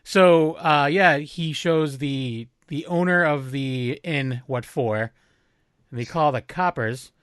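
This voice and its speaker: A man's voice: on the high side, slow pace, a bit bright, smooth, no echo, clean studio sound. A man co-hosting a casual film review podcast over a video call, acting out scenes in funny voices. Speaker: podcast co-host.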